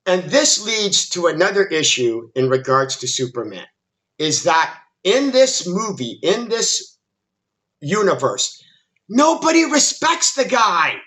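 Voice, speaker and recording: A man's voice: high voice, sing-song, slow, pushed and bright. A man giving an exasperated, emphatic movie critique monologue, often restarting his sentences as he rants. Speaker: film commentary YouTuber.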